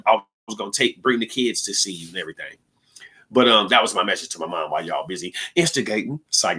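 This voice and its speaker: This is a young livestream podcast host from Seattle in the Pacific Northwest, whose voice sits a little high and sounds a bit bright. He delivers a loose, joking monologue, full of slang, laughing as he rambles along.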